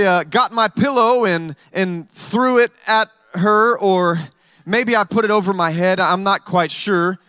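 A man with a high voice preaching a sermon, relaxed and chatty, and he drops jokes and stories into the message. The sound is dry and close, with no room echo. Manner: conversational preaching with humorous storytelling. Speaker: pastor.

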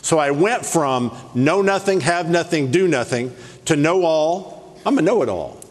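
Guy preaching, lively and playful, reeling off bible verses, big hall echo. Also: a little high. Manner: lively, playful preaching, rapid scripture references. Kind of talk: sermon. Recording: long hall reverb.

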